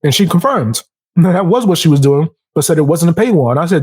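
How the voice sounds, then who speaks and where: A man hosts a casual podcast, recounting stories with lots of energy and jumping into other people's voices as he goes. His voice sits a bit high for a man. The sound is dry and close, with no room around it. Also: a little fast, slightly rough, dry recording. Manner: animated storyteller, acts out quotes in a raised voice. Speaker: podcast host.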